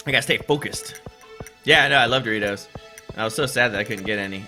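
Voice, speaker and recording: A man's voice: lowish voice, fast, bright, forceful tone. A man giving rambling, chatty let's play commentary while playing a farming game, with casual swearing. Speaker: gaming channel host. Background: game music.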